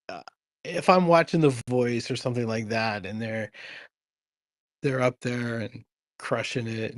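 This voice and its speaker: An actor hosting a casual live chat speaks in a mid-range voice with no room sound. Tired after a long day, he's laid-back and rambling, laughing often and swearing.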